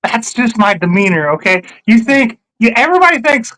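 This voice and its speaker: A man's voice: very high voice, big pitch swings, brisk, bright, forceful tone, rough recording. Man, brash and crude, casual podcast host.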